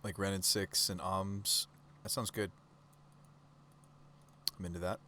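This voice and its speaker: Male streamer, fairly low voice, loose live-stream commentary, keeps quizzing his chat. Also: level tone, slow, pushed and bright, slight background noise. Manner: casual, chatty, talks to chat with rhetorical questions.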